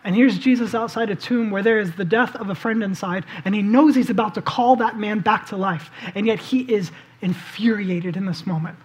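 A preacher delivers a conversational sermon, vividly recounting a scripture story and asking listeners to picture the scene. The delivery is casual, peppered with "like" and "um." The voice is mid-range at a normal speed.

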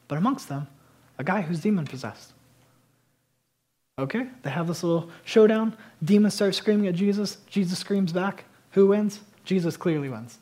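A man preaching a passionate sermon, swinging between loud emphasis and quiet intensity. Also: high voice, husky. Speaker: pastor.

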